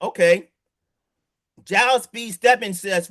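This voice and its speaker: A man's voice: high-pitched, a little slow, bright, forceful tone. A man giving casual, emphatic commentary, repeating words as he restarts and asking rhetorical questions. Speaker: political commentator.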